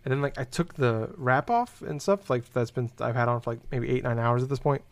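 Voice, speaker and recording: Fast-talking young man telling a rambling story. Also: mid-range voice. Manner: rambling, heavy use of "like", swears freely. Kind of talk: casual chat.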